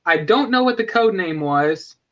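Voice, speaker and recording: His high, bright voice full of lively intonation, a man runs a casual fan-chat live stream at a moderate pace. He rambles enthusiastically and keeps correcting himself, all captured in slightly dull, lo-fi sound.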